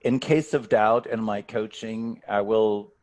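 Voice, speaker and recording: Male speaking coach, fairly low-pitched, earnest, stumbles into restarts, heard over a video call. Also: steady tone, takes it slowly, a little mellow. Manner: earnest, stumbling restarts, leaning on key words. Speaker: speaking coach, workshop guest. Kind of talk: coaching advice in a Q&A.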